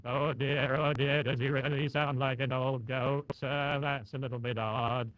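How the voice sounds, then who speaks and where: A man's voice: medium pitch, fairly even intonation, unhurried, no echo, highs cut off. A man on a live stream testing a voice changer that gives him a bleating, goat-like tone. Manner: fiddly, testing settings aloud.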